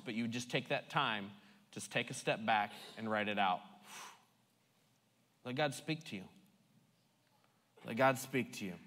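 A man preaching a sermon at a medium pitch, talking to his congregation like friends, with emphatic, playful repetition. His voice rings out with a long reverb in a church sanctuary. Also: fairly bright tone. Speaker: pastor.

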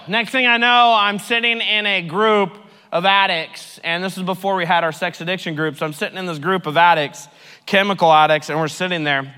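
A man in a recovery ministry preaches with a bright, slightly high voice, mixing his own story with scripture. His delivery is lively, loud and jokey one moment and hushed and earnest the next. Long reverb from a large hall trails each phrase. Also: smooth. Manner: animated, swings from loud joking to hushed earnest. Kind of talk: sermon with personal testimony.

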